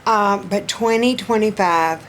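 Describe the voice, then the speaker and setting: A middle-aged woman with a warm Southern accent talks unhurriedly to her viewers, folksy and chatty, with many pauses and restarts. Her throat sounds strained as she goes on. A faint noise sits under the recording. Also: medium pitch. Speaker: vlogger. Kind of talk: casual personal update vlog.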